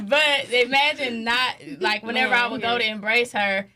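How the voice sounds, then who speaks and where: A mother talking in a casual family chat, expressive and affectionate, with frequent laughter. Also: on the high side, normal speed, heavy background noise. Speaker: guest, mother.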